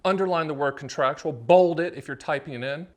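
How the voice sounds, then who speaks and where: A middle-aged American man, an annuity agent hosting his own explainer show, speaks directly to camera in a slightly raised, high-leaning voice. His energetic solo delivery comes in punchy, salesy bursts, full of rhetorical questions and quick asides before he snaps back on track.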